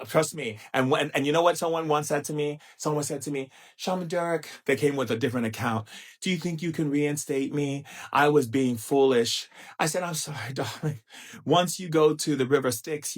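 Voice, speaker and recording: A man's voice: a little high, normal speed. A middle-aged man talking on a live stream in a sassy, playful way, teasing his listeners with endearments and mimicking stiff, droning speakers. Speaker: spiritual teacher hosting a live stream. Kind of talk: casual live-stream monologue.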